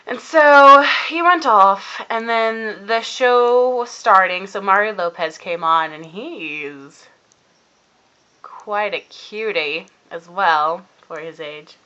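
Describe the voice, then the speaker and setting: A teenage girl telling a long casual vlog story about her day, rambling and acting out what people said in animated voices. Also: medium pitch, measured pace, dull audio. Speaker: vlogger. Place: indoors at home, cold room.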